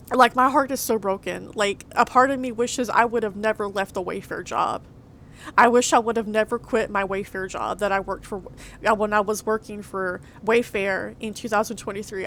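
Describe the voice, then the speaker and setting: A woman's voice: medium pitch, fairly bright tone, slight background noise. A young woman crying and venting in a vlog, upset and stammering as she repeats herself. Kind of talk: emotional vlog monologue.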